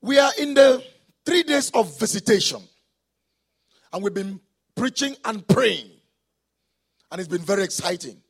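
Man, pastor, from Nigeria, raspy, gravelly, lively pitch, shouted sung-out preaching. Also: a little slow, pauses often. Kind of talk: sermon.

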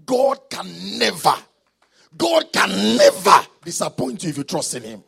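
A man from Nigeria preaching a sermon as pastor, with a raspy voice, often shouting or singing out his phrases. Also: sits high, big pitch swings, measured pace.

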